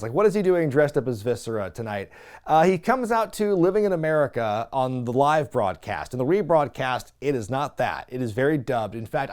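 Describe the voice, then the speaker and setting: A man's voice: mid-range voice, a little mellow. A man hosting a wrestling recap show, talking in a wry, chatty way and laughing at what he describes. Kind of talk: casual recap commentary.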